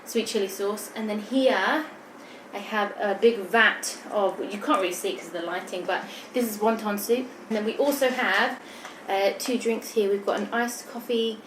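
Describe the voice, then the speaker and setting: A woman's voice: medium pitch, normal speed. A young woman chatting while she eats in a mukbang video, giggly and slightly out of breath. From United Kingdom. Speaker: vlogger. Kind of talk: mukbang chat. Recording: echoey room with background noise.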